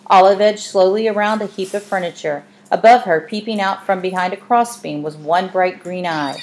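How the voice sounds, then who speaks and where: A woman narrating an audiobook in a measured, expressive reading. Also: medium pitch, a little hiss or hum.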